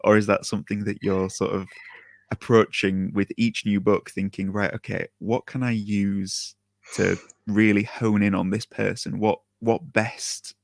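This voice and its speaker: Gravelly-voiced man hosting an interview. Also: lowish voice, level tone, unhurried, no echo. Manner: chatty, laughing questions with fillers. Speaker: interview host. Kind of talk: livestream interview.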